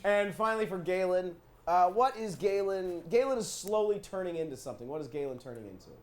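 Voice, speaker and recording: A man's voice: sits high, brisk. A man hosting a live improv comedy show, joking and laughing as he sets up the games. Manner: joking, animated, laughing often.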